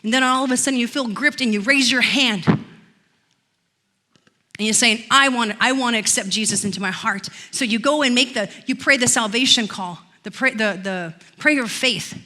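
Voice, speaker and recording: A woman pastor preaching a sermon in church, telling stories and rising into loud declarations. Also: fairly high pitch, moderate pace. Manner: storytelling, swells to loud declarations.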